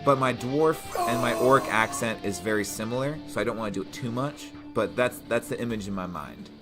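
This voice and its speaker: A man co-hosting a tabletop gaming podcast, pitching a scenario in a rambling, casual way with lots of fillers. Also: a little fast, over music. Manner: rambling, many fillers and restarts. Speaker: podcast co-host, game master. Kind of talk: casual chat.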